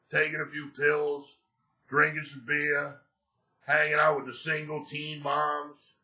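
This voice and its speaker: A man in a brash, profanity-laced betting-pick monologue, bragging as he runs through his plays. His voice sits high and sounds hard-edged and gravelly. The recording is dull and lo-fi. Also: pushed and bright. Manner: boastful, profane and swaggering. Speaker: sports betting handicapper.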